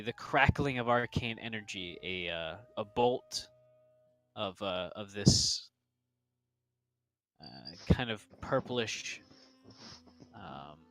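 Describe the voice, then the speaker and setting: A man narrating a tabletop game as game master, slow and hesitant with many fillers. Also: on the low side, fairly bright tone. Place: home streaming setup.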